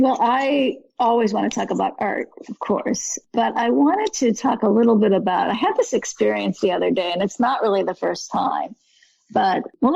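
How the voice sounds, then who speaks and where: A woman's voice: mid-range voice, vocal fry, husky, dry recording. A woman guest talking about art in a rambling, earnest way, often correcting herself. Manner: rambling, earnest, with frequent self-corrections and soft laughs. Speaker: guest artist. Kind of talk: casual conversation. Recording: dull lo-fi recording.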